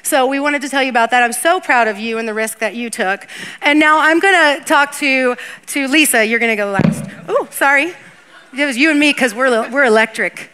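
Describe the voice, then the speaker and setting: High bright woman pastor preaching. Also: brisk, clean tone. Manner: lively, laughing, chatty preaching. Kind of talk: sermon and stage interview. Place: church stage.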